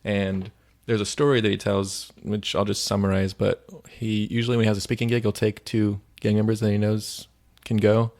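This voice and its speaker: A man's voice: on the low side, flat delivery, normal speed, few pauses, a little mellow. A man co-hosting a faith podcast, retelling stories in a rambling, casual way with lots of "like.". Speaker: podcast co-host.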